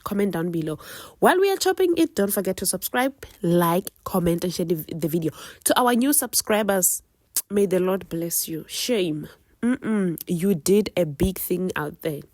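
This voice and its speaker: A woman's voice: lowish voice, measured pace, a little mellow, dry recording, clean studio sound. A woman with a South African accent chatting casually through a home cooking vlog, teasing viewers with playful life advice. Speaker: cooking vlogger.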